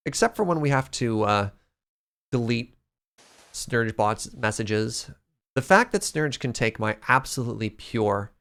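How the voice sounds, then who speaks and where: A man's voice: on the low side, fairly bright tone, clear, resonant tone. A man streaming a game live, chatting casually and playfully, reading out and thanking his viewers.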